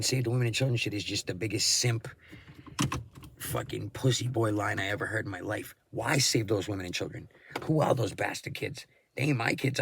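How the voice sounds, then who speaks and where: A man's voice: lowish voice, vocal fry, slight background noise. A man hosting his own channel, delivering a crude, combative, profane ranting monologue. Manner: crude, combative, lots of swearing. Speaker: channel host.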